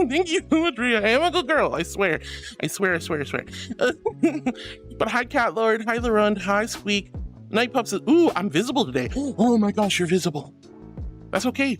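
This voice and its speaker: A woman streaming from home, chatting casually with her viewers in a bubbly, affectionate, giggly way. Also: fairly low pitch. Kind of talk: casual livestream chat reading comments.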